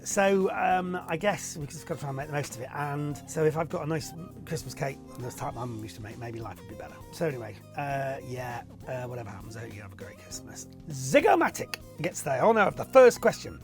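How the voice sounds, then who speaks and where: A middle-aged man from Warrington, England, talks to camera from his home office, answering viewer questions in a chatty, rambling, self-deprecating way. His voice has a gravelly edge. Faint music plays quietly behind him. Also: on the high side. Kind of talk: casual to-camera Q&A.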